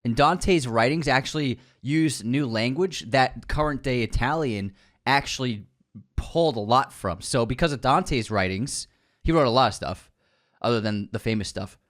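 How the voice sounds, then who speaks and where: Guy cohosting a movie podcast, gets riled up and laughs a lot, average pitch. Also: animated, moderate pace, a bit bright. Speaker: podcast co-host. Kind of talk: casual movie chat.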